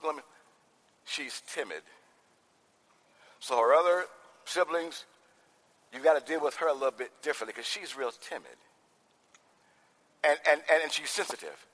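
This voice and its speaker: A man preaching a sermon as pastor, swinging from soft talk to shouting. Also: fairly high pitch, normal speed, long pauses. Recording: long hall reverb.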